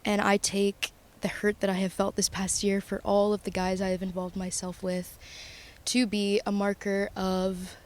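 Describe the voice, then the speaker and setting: A young woman talking through her feelings in a confessional vlog, earnest and emotional, halting with pauses and restarts. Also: mid-range voice, a little mellow. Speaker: vlogger.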